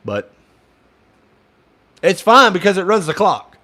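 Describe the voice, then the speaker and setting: A man's voice: high-pitched, big pitch swings, slow pace, bright, forceful tone. Fired-up young man ranting over a game. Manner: frustrated, ranting, swears at play calling. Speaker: fan play-by-play commentator. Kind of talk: casual fan commentary.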